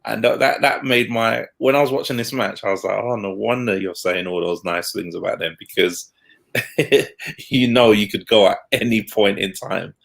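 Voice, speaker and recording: Casual male co-host, low gravelly voice, blunt and quick to laugh. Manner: blunt, laughs at his own points. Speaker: podcast co-host. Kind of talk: casual football chat.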